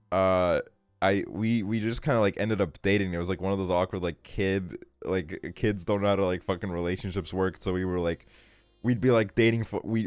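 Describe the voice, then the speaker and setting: Young man, streamer, low voice, rambling, filler-heavy, swears a lot, dry close mic, faint music. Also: a little mellow, clear, resonant tone, no room sound. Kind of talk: casual storytelling while gaming.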